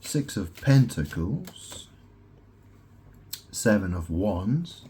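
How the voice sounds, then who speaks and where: A man's voice: on the low side, big pitch swings, very slow, dark tone, slight background noise. A man recording a rambling monologue at home, meandering through wordplay and asking "right?" often. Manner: meandering, wordplay-heavy, with many "right?" asides. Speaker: solo vlogger. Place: at home in his house.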